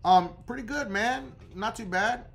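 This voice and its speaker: A man's voice: extremely high pitch, measured pace, vocal fry, fairly bright tone, voice pushed up, heavily acted. A man voicing a friendly male credit bureau phone agent who is easygoing and pleasantly surprised at being treated kindly.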